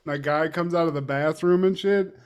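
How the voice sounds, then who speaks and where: A man co-hosting a podcast, retelling a comedy sketch in casual chat with animated, profane storytelling. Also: on the high side, moderate pace, clean tone, highs cut off. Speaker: podcast co-host.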